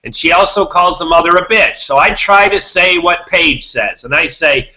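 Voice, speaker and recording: A man's voice: on the high side, normal speed, pushed and bright, low-quality recording. A man hosting a podcast, talking to his listeners in a rambling monologue, repeating himself and restarting words. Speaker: podcast host.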